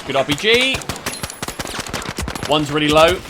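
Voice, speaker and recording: A man's voice: on the high side, very animated, unhurried, background noise. A young man hosting a game stream, joking and laughing often in casual chat. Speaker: streamer host. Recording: game music and gunfire behind.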